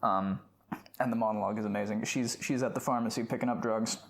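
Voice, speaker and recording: A woman's voice: very deep voice, fairly even intonation, fast. A woman co-hosting a casual film podcast, enthusiastic and often laughing as she retells scenes. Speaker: podcast co-host.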